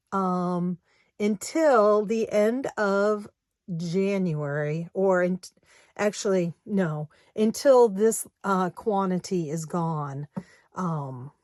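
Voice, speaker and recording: A woman's voice: fairly low pitch, darkish tone, no room sound, studio quality. A woman in her sixties, a craft shop owner chatting casually to her viewers, rambling and often going back to correct herself. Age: 60s.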